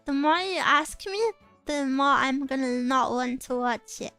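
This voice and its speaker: A woman's voice: high-pitched, a little slow, bright, forceful tone, soft background music. A woman chatting casually on a livestream, answering viewer comments in a playful, giggly way with cutesy exclamations. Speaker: streamer.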